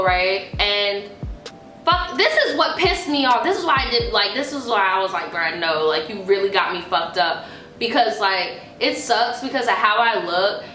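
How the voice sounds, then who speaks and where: A woman vlogger telling a story in an animated, profane way, acting out quotes. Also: mid-range voice, unhurried, faint music behind. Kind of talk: casual storytime. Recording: echoey room.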